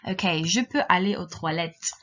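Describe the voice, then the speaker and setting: A woman teaching a children's language lesson, giving slow, clear, encouraging instructions. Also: lowish voice, fairly bright tone. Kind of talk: recorded classroom lesson for children. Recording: dull lo-fi recording.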